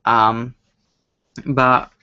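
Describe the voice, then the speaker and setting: A man's voice: medium pitch, flat delivery, very slow, clean tone. Rambling young man on a lo-fi stream. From Scotland. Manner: rambling, self-deprecating, laughs at own stories. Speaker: livestream host answering viewer questions. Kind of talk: casual chat. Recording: dull lo-fi home stream audio.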